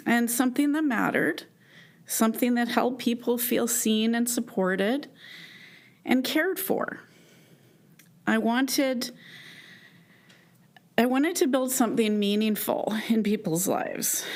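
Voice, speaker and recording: A woman in her fifties from Canada giving a personal keynote talk to a live audience, speaking earnestly and with emotion, with halting restarts. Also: fairly high pitch. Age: 50s.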